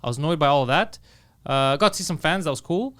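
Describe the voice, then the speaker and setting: Fast-talking, profane man telling stories. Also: on the high side, expressive, a bit bright. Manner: profane, fast-talking storyteller who acts out other people's lines. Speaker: podcast co-host. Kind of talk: casual comedy podcast chat.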